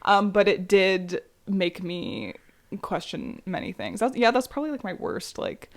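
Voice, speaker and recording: A woman's voice: mid-range voice, sing-song, a little slow. Woman co-host with a mid-range voice, rambling storyteller, filler-heavy and chatty. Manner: rambling, lots of likes and ums, laughs often. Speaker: podcast co-host. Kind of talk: casual storytelling chat.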